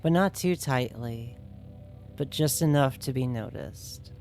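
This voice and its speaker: A woman's voice: extremely low pitch, unhurried, a little mellow, faint music behind. A woman streaming games and chatting casually with viewers, playful and teasing, often giggling.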